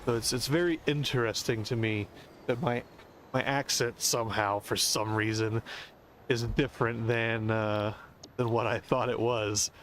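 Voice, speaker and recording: A man's voice: medium pitch, fairly even intonation, measured pace, a bit bright, a little hiss or hum. An American man streaming a game, rambling and musing as he explains things at length. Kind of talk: casual rambling commentary.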